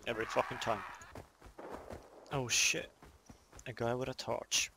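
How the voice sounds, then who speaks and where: Gravelly man swearing through gameplay. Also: mid-range voice, little pitch movement, measured pace. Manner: frantic, swearing, sarcastic. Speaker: gaming video creator. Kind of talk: live gameplay commentary. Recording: noisy game audio behind.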